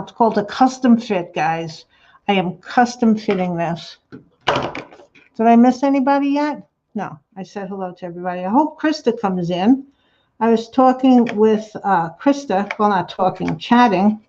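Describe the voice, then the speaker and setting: A woman hosts a crafting livestream from her table at home, chatting to viewers in a slow, unhurried way. She rambles, laughs often and reads out the chat as she works. The sound comes through a slightly dull laptop mic. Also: mid-range voice, a little mellow.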